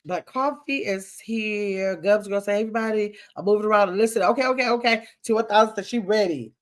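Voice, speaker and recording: An older woman hosting a livestream chats casually and playfully while reading viewers' comments aloud. Her voice is medium in pitch and she talks quickly.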